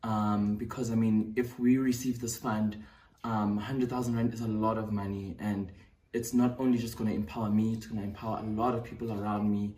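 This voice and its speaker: A man's voice: lowish voice, flat delivery, brisk, dark tone. A man with a South African accent giving a mock-serious appeal that keeps breaking into laughter. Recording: roomy, distant phone recording.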